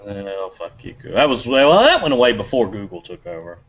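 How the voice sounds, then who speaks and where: A man's voice: lowish voice, very animated, a little fast, fairly bright tone. A man co-hosting a casual gaming podcast, swearing freely and laughing often. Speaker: podcast co-host. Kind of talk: casual chat. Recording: dull lo-fi podcast audio.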